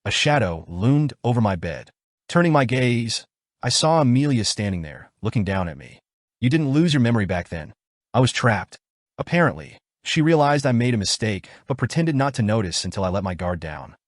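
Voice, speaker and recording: A man narrating a story recap in the first person, with a brisk, wry storytelling manner. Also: on the low side, very animated, dry recording, studio quality.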